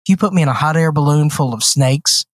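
A man's voice: a little high, fast, no room sound. A man co-hosting a movie podcast, joking and retelling a film's plot in casual chat. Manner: animated, joking, retells plots with acted-out quotes. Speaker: podcast co-host.

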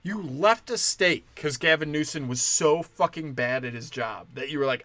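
A man's voice: fairly high pitch, normal speed, a bit bright, no echo. A man ranting in a heated, profane, rambling way, full of "like" fillers. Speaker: commentator. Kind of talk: profane political rant.

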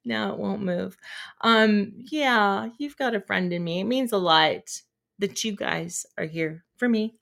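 Chatty woman streamer, bright voice. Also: mid-range voice, measured pace, vocal fry. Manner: chatty, giggly, greets viewers by name. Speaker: live streamer. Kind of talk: casual chat to viewers.

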